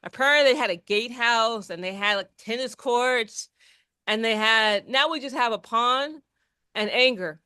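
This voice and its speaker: A woman's voice: fairly high pitch, normal speed, sharp tone, smooth, dry recording, clean studio sound. A woman co-hosting a podcast, rambling in casual chat with lots of restarts and fillers. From New Jersey. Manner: rambling, many restarts and fillers, laughs often. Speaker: podcast co-host.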